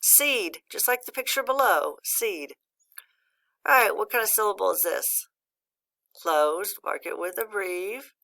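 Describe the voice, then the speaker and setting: A woman's voice: mid-range voice, moderate pace, creaky, pushed and bright. A patient woman teaching a phonics lesson to a young child, praising often and guiding each word step by step. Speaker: reading teacher.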